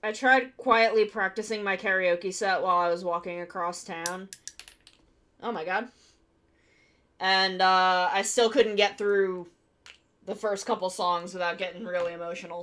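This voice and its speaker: A woman's voice: on the low side, fairly even intonation, a little slow, long pauses, a bit bright. A woman streamer chatting casually and thinking aloud as she builds a model kit live. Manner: chatty, thinking aloud while working with her hands.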